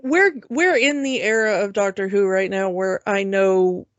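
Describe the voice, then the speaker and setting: A woman co-hosting a podcast, telling stories in a chatty, unhurried way with fillers. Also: mid-range voice, no room sound. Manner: chatty, drawn-out storytelling with fillers. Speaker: podcast co-host. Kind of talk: casual podcast chat. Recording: dull lo-fi podcast mic.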